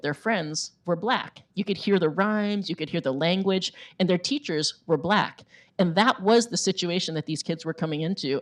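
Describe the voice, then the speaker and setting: A middle-aged woman, an author, giving a chatty talk to a bookstore audience, with many fillers and emphatic repetition. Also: low-pitched. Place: bookstore event space.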